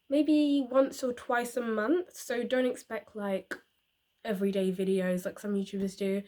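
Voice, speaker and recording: A young woman chatting casually about books for her channel, rambling with fillers and little laughs. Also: medium pitch. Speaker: book reviewer. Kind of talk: casual book review vlog.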